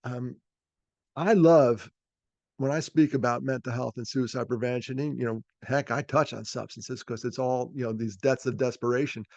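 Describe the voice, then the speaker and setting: A man's voice: medium pitch, fairly even intonation, moderate pace, a little mellow, no room sound, lo-fi sound. A middle-aged man from New York telling personal stories in a folksy, self-deprecating way, full of fillers, over a video call. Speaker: speaker. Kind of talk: storytelling talk.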